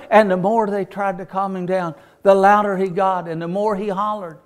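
A man preaches a sermon in a folksy storytelling voice that sits high. He builds from plain talk to hollering as he drives each point home. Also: little pitch movement, moderate pace, few pauses.

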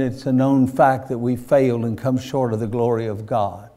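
A man preaching a sermon with fervent, building delivery and loud bursts on quoted lines. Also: medium pitch. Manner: fervent, rising to shouts on acted quotes.

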